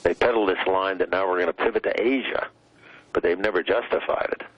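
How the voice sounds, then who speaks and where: An older man, a former vice president, giving measured commentary as an interview guest, pausing often with "uh" as he weighs his words. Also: low voice, fairly even intonation, breathy edge, no echo, lo-fi sound. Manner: measured, deliberate, many hesitant "uh" pauses.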